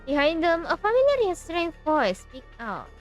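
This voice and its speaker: A woman's voice: very high voice, measured pace, soft background music. A young woman from Indonesia with an Indonesian accent, playfully reading a game story aloud and greeting viewers. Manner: animated, playful. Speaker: streamer.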